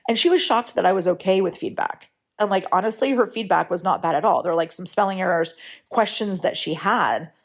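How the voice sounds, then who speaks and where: A woman's voice: on the low side, fairly quick. Chatty woman podcast host, frank. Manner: chatty, keeps checking in with "right?"; frank, lightly profane. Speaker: writing coach and podcast host. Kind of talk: casual solo podcast talk.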